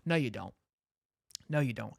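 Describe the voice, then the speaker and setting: A man's voice: mid-range voice, lively intonation, normal speed, gravelly, no room sound, studio quality. A man hosting a casual sports talk show, rambling and laughing easily. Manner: rambling, laughs easily, says bro and dude. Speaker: sports podcast host.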